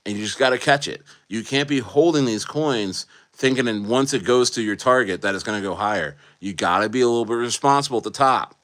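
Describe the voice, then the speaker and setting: A man ranting casually on a livestream, animated and slangy, repeating himself and often asking if you know what he means. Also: mid-range voice, a little fast, few pauses. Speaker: streamer.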